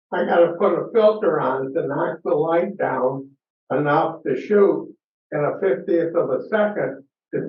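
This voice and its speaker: A camera club member in a casual discussion, a man who talks hesitantly and leans on what the manual says. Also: fairly high pitch. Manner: hesitant, defers to the book. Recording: distant, phone-like, echoey.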